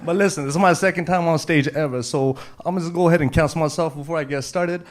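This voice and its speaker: A man's voice: on the high side, quick pace. A man in his second-ever stand-up set, rambling loosely and needling the host. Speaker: stand-up comedian.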